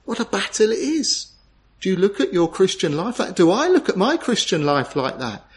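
Brief: male preacher, slightly high voice, earnest and pleading, full of rhetorical questions. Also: sing-song, normal speed. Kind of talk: sermon.

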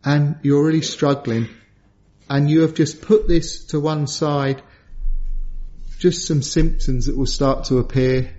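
A middle-aged man preaching a sermon, telling a personal story in earnest and lifting his voice high when he acts out quotes. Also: steady tone, a little slow, darkish tone, dull audio.

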